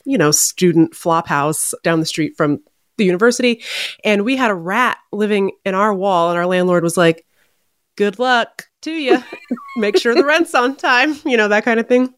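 A woman's voice: fairly low pitch, no room sound, studio quality. A woman co-hosting a podcast, telling stories in casual chat and laughing often. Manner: animated storyteller who laughs often. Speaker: podcast co-host.

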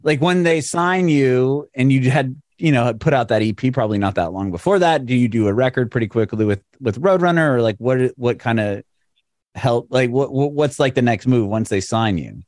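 A man's voice: medium pitch, lively intonation, moderate pace, a little mellow, no room sound, studio quality. A man hosting a podcast over a video call, asking loose, rambling questions with many fillers. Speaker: podcast host.

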